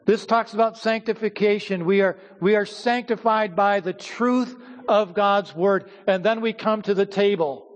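A man preaching a sermon to his church as its pastor, teaching at a measured pace with pauses and repeated words. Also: high-pitched, steady tone. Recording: hall reverb.

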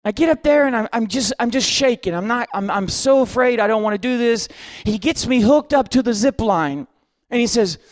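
Casting: a man preacher with a very high voice, self-mocking and comic, telling a sermon story, dry close sound. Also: expressive, a little fast, no room sound.

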